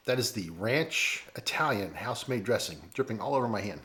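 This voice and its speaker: A chatty man with a St. talks through a food review, his pitch rising and falling a lot. He sounds folksy and easygoing, and he breaks off here and there to taste something. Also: lively intonation, fairly quick, pushed and bright, slight background noise. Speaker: food vlogger. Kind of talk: casual food review vlog. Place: at home.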